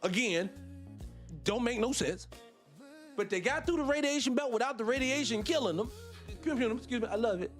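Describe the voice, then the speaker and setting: A man hosting a casual livestream, talking in a rambling, animated way, often correcting himself and swearing. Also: very high-pitched, brisk, pauses often, soft background music. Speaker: livestream host.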